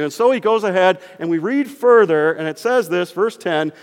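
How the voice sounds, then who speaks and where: A man with a high voice preaches a sermon. He tells the story with animation and keeps asking his listeners questions. His voice carries a long reverb through the church hall. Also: fairly quick, few pauses. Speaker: pastor.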